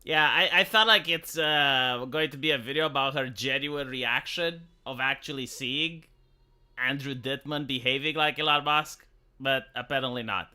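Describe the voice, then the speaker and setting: A man's voice: mid-range voice, moderate pace, bright, forceful tone, clean tone. A man with a Romanian accent, rambling and swearing casually as he reacts to a video on a live stream. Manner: rambling, profane, frequent restarts.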